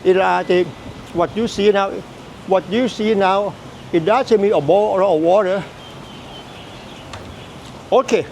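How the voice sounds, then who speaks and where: Man, Buddhist teacher, high-pitched, gravelly, repeats himself, halting. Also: darkish tone, slight background noise, rough recording. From Thailand. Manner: repetitive, halting, emphatic phrasing. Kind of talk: dharma teaching.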